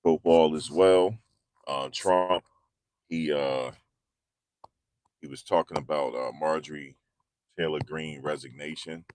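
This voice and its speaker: Deep-voiced man in casual slangy commentary. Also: steady tone, slow, long pauses, darkish tone. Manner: slangy, repetitive, conversational. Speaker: commentary channel host.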